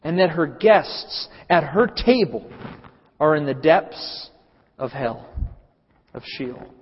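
A man delivers an earnest sermon, driving points home through repetition. His voice sits fairly high for a man. The recording is a little dull and carries the long reverb of a large hall. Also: animated, takes it slowly, slightly rough. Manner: earnest, emphatic, repeats phrases for weight. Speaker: preacher. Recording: reverberant hall, muffled sound.

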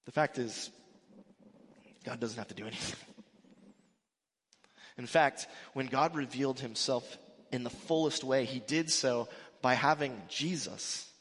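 A man's voice: medium pitch, a little slow, pauses often, fairly bright tone, a little hiss or hum. A man preaching a sermon in a conversational, emphatic way, acting out the quotes he gives. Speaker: pastor. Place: church sanctuary. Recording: echoey hall with long reverb.

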